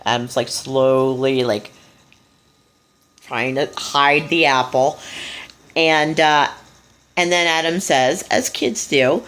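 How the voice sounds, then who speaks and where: A woman's voice: a bass voice, fairly even intonation, slow pace, pauses often, a bit bright. A woman retelling a story in a casual monologue, blunt, profane and scornful, with loose asides and restarts. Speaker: speaker giving a talk.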